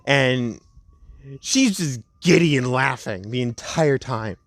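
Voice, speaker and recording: A man's voice: medium pitch, expressive, fairly bright tone, dry recording. Young man, casual rambling storyteller, home recording, dry close sound. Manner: rambling, laid-back, with stretches of slow dramatic retelling. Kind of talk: casual fan story narration.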